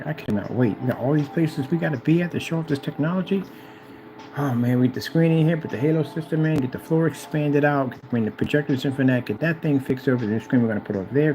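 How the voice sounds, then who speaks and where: A man talking casually and repetitively, hyping himself up while reading instructions aloud haltingly. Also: medium pitch, a little mellow, low-quality recording. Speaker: DIY projector screen vlogger. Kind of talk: casual self-recorded commentary.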